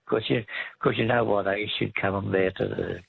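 Brief: male radio caller, low, gravelly and very raspy, tinny phone line, wry jokes. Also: steady tone, a little fast, no echo. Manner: jokey, offers wry trivia. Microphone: telephone.

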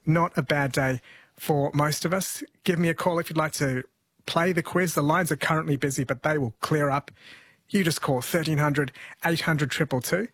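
Male radio host, slightly husky, higher-pitched, dry studio sound, chatty. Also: a bit bright, dry recording. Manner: chatty, reads listener texts aloud. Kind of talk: radio talkback and quiz.

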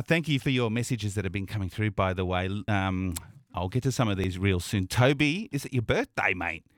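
A man's voice: lowish voice, no echo, studio quality. A man presenting a radio show, chatting between songs in an effusive, emotional way with fillers and laughter. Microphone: studio microphone.

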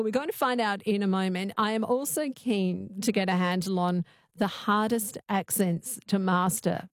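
A woman's voice: mid-range voice, darkish tone. A woman hosting a radio talk show, introducing topics and asking curious, conversational questions. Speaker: radio host.

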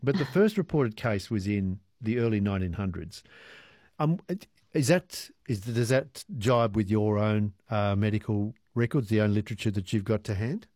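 Low-voiced male radio host. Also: dark tone, no room sound, studio quality. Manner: curious, hesitant questions with many "uh"s, brisk station announcements. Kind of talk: radio interview hosting.

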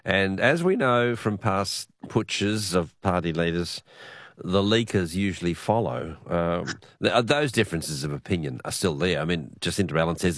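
A hoarse man hosting an evening radio news program, talking with frequent restarts. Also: deep voice, lively intonation, fairly bright tone, no echo, studio quality. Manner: halting, many restarts.

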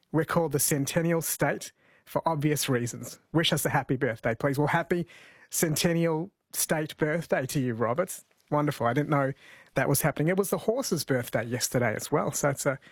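A man's voice: on the high side, breathy edge, no echo. A man hosting a talk radio show, chatting, reading out listener texts and the weather. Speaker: radio host. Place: radio studio. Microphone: studio mic.

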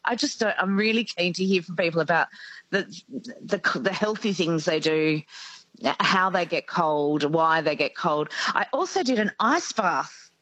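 An excitable Australian woman hosting radio, talking fast and laughing often. Her voice sits a little low. It is recorded close and dry in a studio. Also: no room sound, highs cut off. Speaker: radio host. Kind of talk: casual radio chat.

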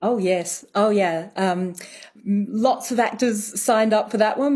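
A woman accent coach, a radio interview guest, explaining thoughtfully with frequent pauses and ums. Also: mid-range voice, a little mellow, slightly rough.

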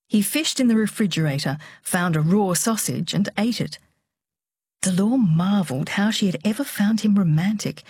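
A woman narrating an audiobook in a steady, measured storytelling voice. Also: medium pitch, husky, no echo, studio quality.

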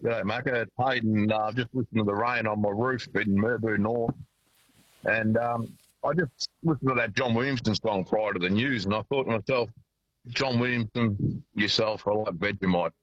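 An Australian man rings a radio show from his car, his low voice coming through a dull, muffled phone line. He talks haltingly, restarting and stumbling over words. The sound is dry and boxed in. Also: fairly even intonation, husky, no echo. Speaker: caller. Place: driving in a car.

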